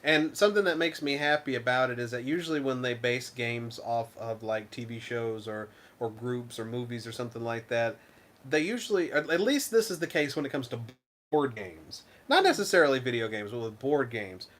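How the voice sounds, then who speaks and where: A man co-hosting a casual game review chat, rambling and animated, with frequent restarts. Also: medium pitch, moderate pace. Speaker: co-host of a game review show.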